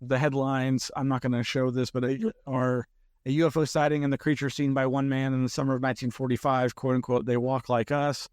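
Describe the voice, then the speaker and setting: Smooth-voiced man hosting a news roundup. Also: mid-range voice, flat delivery, brisk, a little mellow, no echo, studio quality. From Texas. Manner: chatty, rambling, self-interrupting. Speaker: host of a weekly news roundup show. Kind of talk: casual live-stream news commentary.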